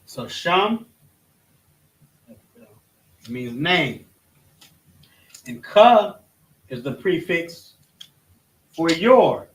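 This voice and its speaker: Man, bible lesson at a board, halting, self-correcting, slightly high voice, picked up from across the room. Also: big pitch swings. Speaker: religious study teacher. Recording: roomy echo, voice from a distance.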